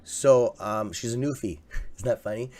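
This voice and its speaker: A Canadian man hosting a casual live stock-market stream, chatty and excitable, swearing freely and reading out viewer comments. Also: medium pitch, moderate pace. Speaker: livestream host.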